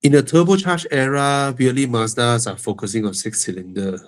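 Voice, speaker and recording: A man's voice: mid-range voice, steady tone, brisk. A man with a Malaysian English accent hosting a live car-buying Q&A, frank and joking, with a stuffy nose that makes him breathe heavily. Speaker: host answering car-buying questions. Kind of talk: live Q&A stream.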